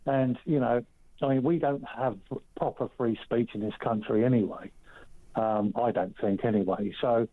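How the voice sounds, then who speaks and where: A male radio caller heard over a thin, tinny phone line. He has a mid-pitched voice and talks haltingly, stumbling and restarting as he gathers his thoughts.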